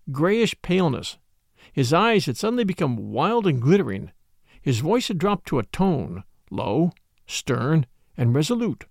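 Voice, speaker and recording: A man narrating a classic novel in the first person, with expressive, measured storytelling. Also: fairly high pitch, no echo, clean studio sound. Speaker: audiobook narrator.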